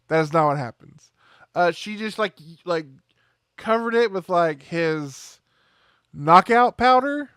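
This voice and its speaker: A man with a high, smooth, resonant voice rambles through a film review in casual chat. He is sarcastic and keeps slipping into voices to act out scenes. The sound is close and dry. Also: measured pace, pauses often, a bit bright, dry recording. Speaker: movie review show host.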